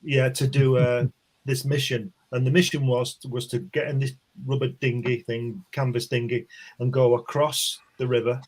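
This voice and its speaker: A man's voice: medium pitch, level tone, normal speed, a little mellow. A man casually telling a long war anecdote on an online stream, rambling with restarts and chuckles. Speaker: comic artist guest. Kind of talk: casual storytelling chat. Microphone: online stream call.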